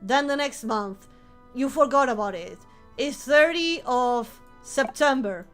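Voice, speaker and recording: A woman streamer chatting casually with her viewers, animated and swearing, breaking into shouts. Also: high-pitched, takes it slowly, faint music behind. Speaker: vtuber streamer.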